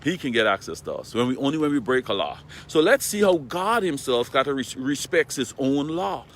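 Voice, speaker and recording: A preacher gives a casual morning devotional, retelling Bible passages in plain everyday language and often checking in with his listeners by asking "right?". His medium-pitched voice is a bit bright, very animated, and fairly quick.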